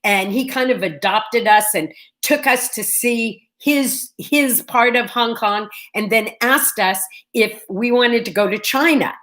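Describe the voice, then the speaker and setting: Middle-aged woman hosting a morning vlog, chatty and animated, pitched a bit high. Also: a little slow, hardly any pauses. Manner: chatty, animated, talks straight to viewers. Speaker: vlog host. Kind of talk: casual storytelling chat.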